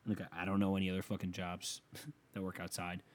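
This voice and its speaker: A man hosting a show, delivering a casual comedic rant that is profane and exasperated, with loud emphatic outbursts. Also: sits low, completely flat delivery, a little fast.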